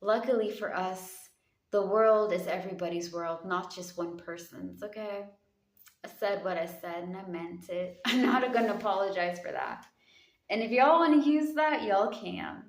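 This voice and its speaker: A woman's voice: mid-range voice, normal speed. A woman giving a casual tarot reading in a sassy, slangy way, calling her listeners honey. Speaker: tarot reader. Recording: echoey room.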